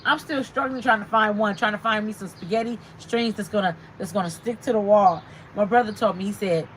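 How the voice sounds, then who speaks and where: A woman's voice: on the high side, fairly bright tone, slight background noise, low-quality recording. A woman hosting a casual livestream, chatting and reading out viewer comments. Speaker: livestream host.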